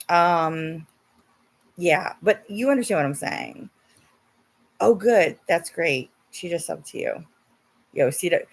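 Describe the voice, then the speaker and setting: A woman hosting a casual livestream, talking to her viewers and guests in an animated way, swearing often and mocking her critics in put-on voices. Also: on the low side. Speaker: livestream host.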